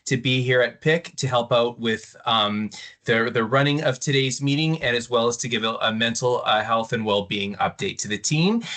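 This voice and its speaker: A man's voice: medium pitch, a bit bright. A man, an assistant superintendent, leading introductions in a virtual meeting in an upbeat way with some fillers. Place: video call.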